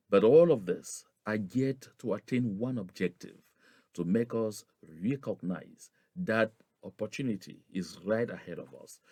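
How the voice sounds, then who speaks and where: A man's voice: medium pitch, mellow, no echo, studio quality. A man from gives a rallying political address to his followers, with emphatic, repetitive oratory that climbs on stressed phrases. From Southern Cameroons (Anglophone Cameroon).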